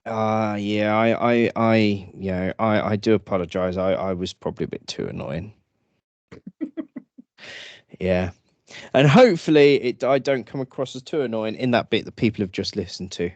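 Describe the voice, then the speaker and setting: This male podcast co-host speaks at a moderate pace in a lowish voice, with no room sound at all. The talk is a casual chat where he clowns around animatedly, repeatedly stumbling into restarts and putting on goofy voices.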